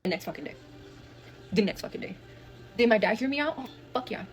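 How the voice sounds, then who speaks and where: A young woman from Texas telling a wild family story in a fast, profane, animated way, acting out the dialogue. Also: on the high side. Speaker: guest storyteller. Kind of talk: casual storytelling.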